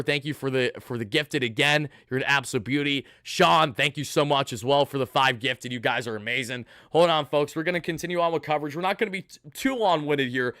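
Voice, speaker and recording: A man's voice: medium pitch, fairly bright tone, dry recording, clean studio sound. A man hosting a live postgame stream, hyped and thanking donors one after another. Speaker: sports channel host.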